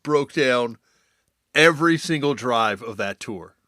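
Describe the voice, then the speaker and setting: A man who is a touring musician, talking in a relaxed, reflective way as a podcast guest, with filler words. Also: medium pitch, unhurried, no room sound, clean studio sound. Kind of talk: casual conversation.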